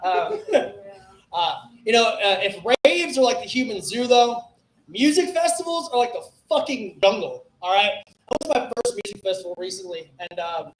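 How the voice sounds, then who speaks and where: A man with a raspy, hoarse voice doing a profane, rambling stand-up set about drug trips at an open mic. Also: high-pitched, expressive, normal speed. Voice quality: raspy from festival flu. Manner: profane, rambling stoner storytelling. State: hoarse, coughing. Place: small comedy club stage. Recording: echoey club room.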